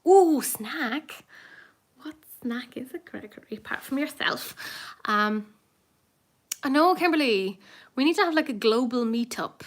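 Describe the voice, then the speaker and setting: A woman's voice: high-pitched, animated, unhurried. Chatty woman on a live stream. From Ireland. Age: 30s. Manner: chatty, rambling, self-mocking, coos at her cats. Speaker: livestream host. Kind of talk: casual livestream chat. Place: home, then outdoors in a garden.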